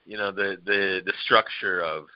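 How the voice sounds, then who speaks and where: Speaking at a moderate pace in a low voice, this podcast guest laughs and wanders through tales about his family in a relaxed, lively chat. The audio has no echo but sounds dull.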